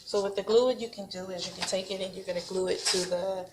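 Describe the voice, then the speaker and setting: A woman preschool teacher demonstrating a craft activity at home and giving parenting tips, speaking slowly and patiently. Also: medium pitch, steady tone, background noise. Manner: patient, slow and encouraging, models sing-song animal sounds for toddlers.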